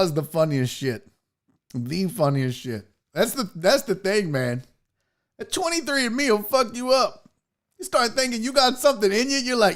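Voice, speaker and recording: A man's voice: high-pitched, lively intonation, moderate pace, fairly bright tone. Profane rambling male show host. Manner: profane, rambling, reads chat aloud. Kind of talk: casual live-show banter.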